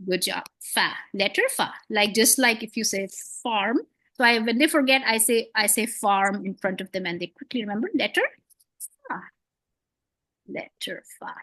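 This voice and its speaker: A woman's voice: mid-range voice, normal speed, sharp tone, no echo. A woman teaching beginners to read, patient and encouraging, with playful memory tricks and frequent praise. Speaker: Quran reading teacher. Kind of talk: one-on-one beginner lesson.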